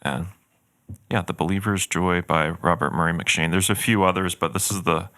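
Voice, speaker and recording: A man's voice: sits low, steady tone, normal speed, sharp tone, dry recording, clean studio sound. A man co-hosting a church podcast, chatting earnestly and thoughtfully about a book he recommends. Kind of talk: casual book recommendation chat.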